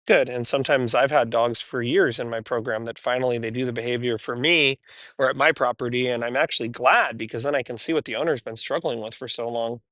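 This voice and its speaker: Man, dog trainer, casual talk to camera, mid pitch, dry recording. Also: steady tone, brisk, fairly bright tone, dry recording. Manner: chatty and candid, switching to high, cheery praise for the dogs.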